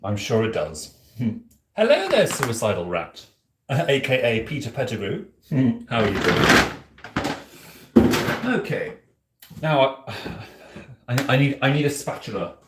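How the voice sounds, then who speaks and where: Unhurried and full of long pauses, his medium-pitched voice swoops widely as he plays a theatrical owl demon prince of noble bearing. Cooking in his apartment kitchen for a livestream, he giggles and addresses chat as "darling," with echo and background noise around him.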